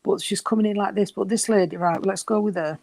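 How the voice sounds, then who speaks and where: Guy doing a medium reading, soft and reassuring, a bit out of breath, dry sound. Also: high voice, fairly even intonation, fast talker, vocal fry, dry recording. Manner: gentle, reassuring, calls people sweetheart. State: short of breath. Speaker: spiritualist medium. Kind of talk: giving a reading at a service.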